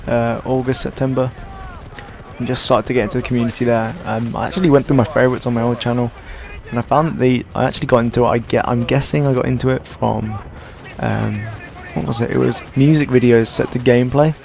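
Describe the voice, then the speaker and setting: Young male gaming commentator, tired and hoarse, gravelly, self-deprecating rambler. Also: medium pitch, fairly even intonation, fast talker, darkish tone. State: hoarse, sore throat. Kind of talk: casual gameplay commentary.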